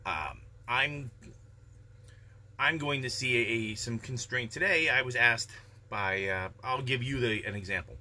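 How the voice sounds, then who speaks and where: A man giving calm, measured, reflective life advice in a casual daily vlog monologue. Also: mid-range voice.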